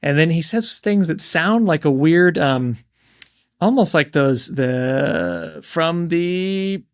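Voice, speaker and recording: Brief: male co-host, slightly high voice, reflective, casual book chat. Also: lively intonation, slow pace. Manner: thoughtful, searching for words.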